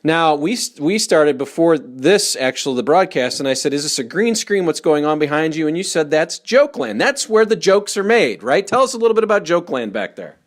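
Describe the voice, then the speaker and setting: A man's voice: a little high, very animated, fairly quick, few pauses. A man hosting a podcast interview over a video call, eager and laughing often. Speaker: podcast host. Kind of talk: casual interview.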